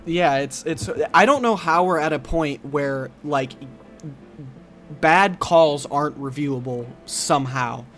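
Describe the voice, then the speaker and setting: A man's voice: on the high side, unhurried, fairly bright tone. A man from Ohio co-hosting a casual sports podcast, joking and cursing with heat. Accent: Cleveland, Ohio. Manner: profane, joking, heated. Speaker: podcast co-host.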